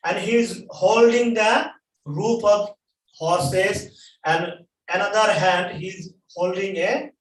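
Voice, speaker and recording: A man preaching a sermon at a temple, telling a story in halting English and repeating phrases for emphasis. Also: sits high. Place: temple hall. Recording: echoey hall, mic at a distance.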